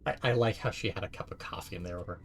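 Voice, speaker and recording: A man's voice: deep voice, rapid-fire, gravelly, faint music behind. A man streaming a video game, chatting casually and swearing freely as he rambles. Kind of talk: casual let's-play commentary.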